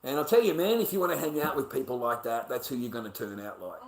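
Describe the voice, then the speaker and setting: A man's voice: mid-range voice, quick pace. Middle aged aussie guy ranting on his stream, sweary, trips over his words, voice sits in the middle range. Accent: Australian. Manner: blunt, profane, rambling with frequent restarts. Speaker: livestreamer. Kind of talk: casual livestream rant.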